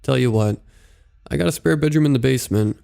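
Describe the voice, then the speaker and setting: A man's voice: mid-range voice, brisk, vocal fry, mellow, clean tone, pitched above the performer's own voice. A man voicing a folksy male driver with a Southern American drawl.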